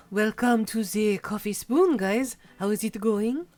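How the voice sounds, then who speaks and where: A woman's voice: mid-range voice, lively intonation, takes it slowly, a little mellow, soft background music. A woman voicing a laid-back hipster coffee-shop dad, putting on a French accent as she reads his rambling, self-deprecating lines. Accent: put-on French. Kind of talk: reading game dialogue aloud.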